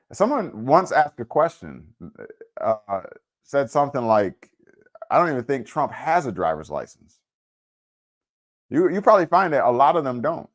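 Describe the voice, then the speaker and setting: A man hosting a casual livestream, chatting laid-back and informally with viewers, answering their comments and using plenty of fillers. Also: mid-range voice. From Wisconsin. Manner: informal speech with frequent fillers. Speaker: livestream host.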